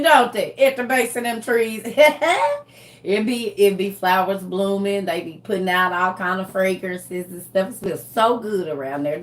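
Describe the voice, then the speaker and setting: A woman delivering a comedic monologue in a slangy, animated way, often breaking into laughter. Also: medium pitch. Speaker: comedian vlogger.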